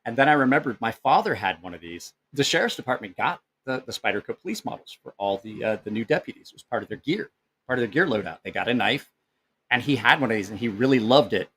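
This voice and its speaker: A man's voice: medium pitch, animated, quick pace, a bit bright, a little hiss or hum. A man in his forties, hosting a knife channel, tells loose rambling stories and reads viewer comments in a casual live-stream chat, swearing freely.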